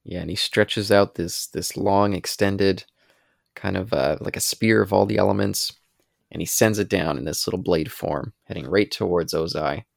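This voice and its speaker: A man with a very deep, gravelly voice recaps scenes in long descriptive runs as a podcast co-host. His talk is relaxed and casual. The sound is dry. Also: moderate pace, no echo.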